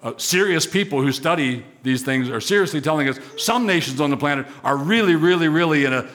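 A pastor delivers a sermon to his congregation. His fairly high voice swells on repeated phrases and lands with emphasis. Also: animated, fairly quick, a bit bright. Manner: emphatic preaching with rising, swelling repetition.

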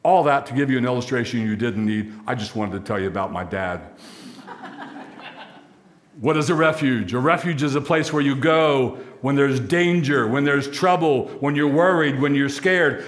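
A man preaching a sermon as pastor, emphatic, stacking repeated phrases and slowing for key lines. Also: medium pitch.

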